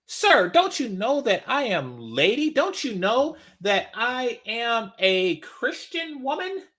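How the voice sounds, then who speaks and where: A man putting on the voice of an offended, haughty woman, mocking her with high-pitched indignation. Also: sing-song, slow pace, fairly bright tone, exaggerated voice. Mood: indignant.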